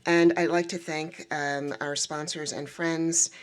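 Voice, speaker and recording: A woman's voice: low-pitched, flat delivery, slow pace. A woman in an executive role opening a conference session with upbeat welcome remarks, thanking hosts and sponsors and introducing the moderator. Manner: upbeat, self-deprecating, a few restarts. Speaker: guild executive introducing a panel. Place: conference venue with a live audience.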